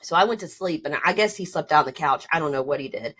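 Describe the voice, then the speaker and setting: A woman's voice: deep voice, animated, fast, fairly bright tone. A woman telling her own story on a podcast, casually and animatedly, full of "like" and "you know", acting out both sides of arguments in a rising voice. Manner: many fillers like "like" and "you know".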